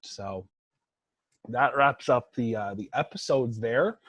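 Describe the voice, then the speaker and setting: A young man co-hosts a podcast in loose, casual chat and rambles through fillers and "like"s. His voice is husky and mid-pitched. It sits close and dry on the mic. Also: slow pace, fairly bright tone, dry recording. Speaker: podcast co-host.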